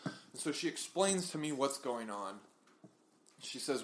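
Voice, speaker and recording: A man's voice: medium pitch, expressive, measured pace, pauses often, a little hiss or hum. A young man co-hosting a podcast, telling a long story in casual chat and acting out the people in it. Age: young adult. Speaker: podcast co-host.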